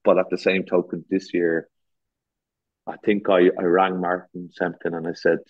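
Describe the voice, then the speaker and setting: A man's voice: deep voice, vocal fry, husky, no room sound. An Irish man, a garden designer, chatting casually as a guest, telling rambling anecdotes with many restarts and self-deprecating jokes, on a dull lo-fi recording. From Ireland. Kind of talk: casual storytelling chat.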